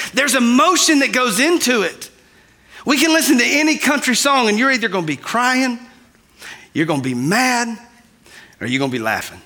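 A man preaching to his congregation in a high, bright voice. He keeps it conversational and speaks to the people straight on. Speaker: pastor. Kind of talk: sermon.

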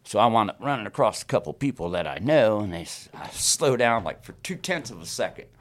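A man's voice: on the low side, brisk. A man casually telling a fishing story on a podcast, acting out his own lines and laughing along. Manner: animated, acts out his own quotes, laughs through the story. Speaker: guest storyteller.

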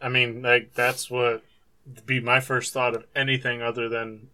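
A man in relaxed casual chat about tabletop games, making jokes. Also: mid-range voice, unhurried. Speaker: podcast co-host.

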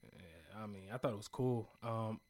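A man's voice: on the low side, darkish tone. A young man co-hosting a podcast, rambling casually about music with lots of slang. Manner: loose, rambling, with slang and quick laughs. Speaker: podcast co-host. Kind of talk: casual music review chat.

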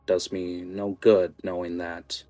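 A man playing a soft-spoken, scarred male cultist in a tabletop game, calm and smooth. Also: low voice, slow pace, no room sound, faint music behind.

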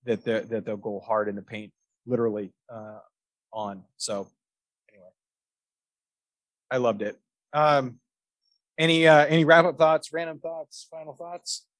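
A man's voice: medium pitch, little pitch movement, a little slow, pauses often, a bit bright, no room sound. A man hosting a podcast in casual chat, telling stories in a rambling way with lots of fillers and restarts. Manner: rambling storyteller, many fillers and restarts, laughs often. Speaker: podcast host.

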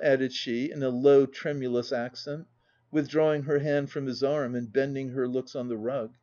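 Male audiobook narrator, measured storytelling, warm and mellow tone, muffled lo-fi sound. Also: medium pitch, steady tone. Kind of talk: scripted narration.

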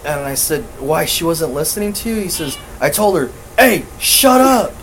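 A man's voice: fairly high pitch, fairly quick, a little hiss or hum, low-quality recording. A man co-hosting a podcast, chatting casually and telling stories, swearing often and laughing as he talks. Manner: laid-back, swears a lot, laughs through his stories. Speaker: podcast co-host. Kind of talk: casual chat.

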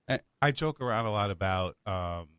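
Male comic host, very low voice, relaxed self-deprecating chat, dry. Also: moderate pace, clean tone, no echo. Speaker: show host and comedian. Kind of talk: casual chat.

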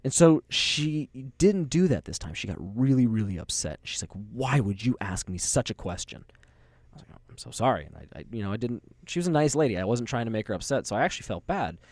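A man's voice: medium pitch, sing-song, quick pace, darkish tone, no echo. A young man co-hosting a podcast, telling stories in a rambling, casual way with easy swearing and laughter. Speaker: podcast co-host. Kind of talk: casual chat, storytelling.

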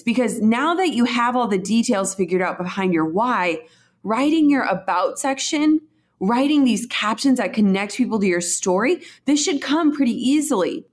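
A woman hosting a podcast, giving chatty, encouraging tips on writing copy. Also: medium pitch. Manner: chatty and encouraging, with fillers like "y'all". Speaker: podcast host. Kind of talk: conversational podcast teaching.

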